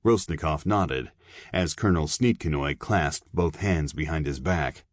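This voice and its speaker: A male audiobook narrator with a low, husky voice, reading in a measured way. The recording is dry and close, with no room around it. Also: dry recording. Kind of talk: scripted narration.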